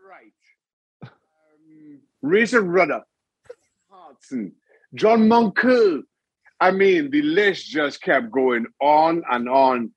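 A man's voice: on the high side, extremely slow, pauses often, husky, no room sound. A middle-aged man, a former goalkeeper, chatting as a guest and telling stories with laughter. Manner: animated storyteller, laughs often. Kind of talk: casual interview chat.

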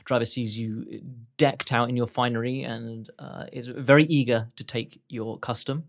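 A man narrating as game master of a tabletop role-playing game, moving briskly through the scene. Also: medium pitch, fairly even intonation, gravelly. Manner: brisk narration with quick voiced asides for side characters.

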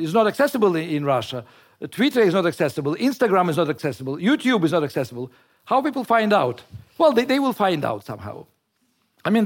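A man from Ukraine, telling stories in an interview in a halting, reflective way. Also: high voice. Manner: halting and reflective, searching for words in a second language. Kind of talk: personal storytelling in an interview.

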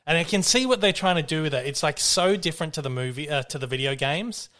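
A man's voice: on the high side, quick pace, pushed and bright. A man hosting a casual film chat, talking in a rambling, loose way, often restarting his sentences and swearing freely. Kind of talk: casual chat about films.

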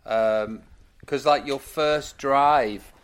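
A man's voice: mid-range voice, drawn-out words, clean tone. A British man as a podcast guest, talking candidly and loosely, rambling and reflecting on himself. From United Kingdom. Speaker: guest, musician. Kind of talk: casual chat.

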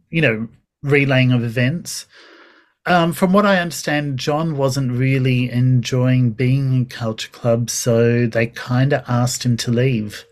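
A man talking as a podcast guest in a casual chat, telling stories animatedly with quoted dialogue and laughter. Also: medium pitch.

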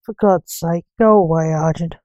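A woman's voice: mid-range voice, brisk, dark tone, dry recording, highs cut off, lightly acted. A woman voicing a nervous young male reporter in a storybook reading, with clipped, anxious lines.

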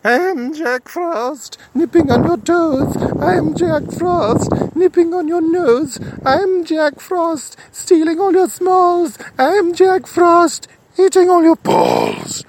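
A man voicing a spiky, malevolent male frost sprite who sings in a high-pitched, taunting voice. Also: huge pitch swings, slow pace, few pauses, background noise, heavily acted. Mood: gleeful taunting. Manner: sing-song taunting.

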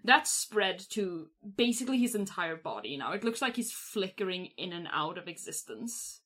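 A woman's voice: on the low side, very animated, normal speed, fairly bright tone, breathy edge. A woman playing a tabletop role-playing game, describing her character's actions in vivid detail with frequent fillers.

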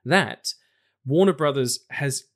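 A man's voice: medium pitch, slow, a bit bright. A man guesting on a podcast in casual chat, blunt and sweary, rambling with restarts.

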